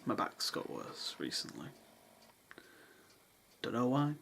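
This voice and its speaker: Young male vlogger, gravelly, deadpan humour, faint room noise. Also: medium pitch, slow, rough recording. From England. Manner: dry, self-mocking asides. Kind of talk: casual vlog chat. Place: parents' house in the countryside, with cats.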